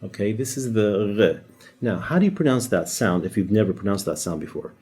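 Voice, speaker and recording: Soft-voiced man teaching a lesson. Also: fairly low pitch, animated, fairly quick, husky. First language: Arabic. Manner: explains patiently, demonstrates sounds, jokes lightly. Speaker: Arabic teacher. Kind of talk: casual whiteboard lesson.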